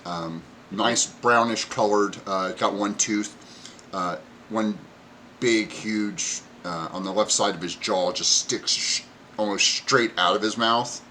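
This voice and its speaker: A man's voice: fairly low pitch, slow pace, sharp tone, slight background noise. A man narrating a tabletop game as game master, rambling with plenty of fillers.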